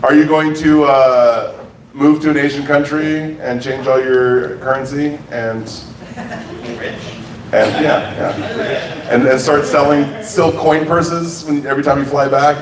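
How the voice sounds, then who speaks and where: A man's voice: a little high, steady tone, takes it slowly. A man hosting a comedy club show, teasing comics as he brings them on. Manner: loose, teasing banter between acts. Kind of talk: introducing comics. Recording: roomy live sound from a distance with audible noise.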